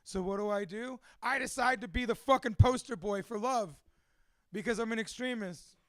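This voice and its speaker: A man's voice: high voice, moderate pace, a bit bright, no room sound, clean studio sound. A man from a Cuban family, a father of two, telling his life story in a candid, profane, emotional monologue. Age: adult with two children.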